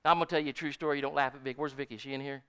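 Folksy older preacher man, bright voice. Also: medium pitch, fairly even intonation, racing. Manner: folksy storytelling, asks congregation "Amen?". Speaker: pastor. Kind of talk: sermon.

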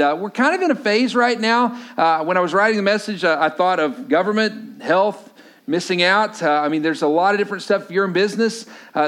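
Conversational pastor preaching a sermon. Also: male voice, high voice, fairly bright tone. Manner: conversational storytelling, many filler "uh"s.

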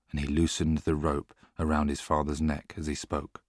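A man narrating an audiobook in a measured, steady storytelling manner. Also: very deep voice, no echo, studio quality. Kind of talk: scripted narration.

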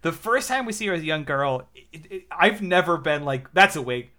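A man co-hosting a comic book podcast in casual chat, animated and halting, with frequent restarts. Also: a little high. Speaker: podcast co-host.

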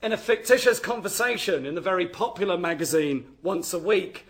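This lecturer's voice sits high, with lively intonation and a fairly quick pace. He works through an academic history talk from his notes, restarting phrases often.

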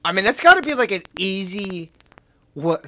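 A man's voice: sits high, very animated, normal speed, sharp tone. A man co-hosting a podcast, talking in a profane, teasing way. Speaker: podcast co-host. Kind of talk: casual chat.

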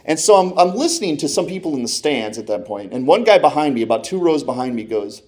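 A man recounts a story from the stands with an animated, conversational delivery. He slips into quoting his own reactions, jumping up and down in pitch and loudness as the tension builds. His voice sits at an ordinary middle pitch for a man. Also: fast. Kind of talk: personal sports anecdote.

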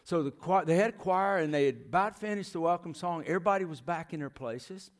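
A man's voice: a little high, fairly quick. A middle-aged man, preaching a folksy, storytelling sermon in a church as a visiting missionary. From United States. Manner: folksy storytelling, asks the crowd questions. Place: church sanctuary.

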